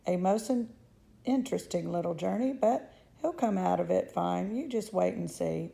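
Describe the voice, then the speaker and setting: A woman's voice: lowish voice, moderate pace, gravelly, mellow. A woman voicing an eccentric, unflappable male chocolatier with a breezy, theatrical manner.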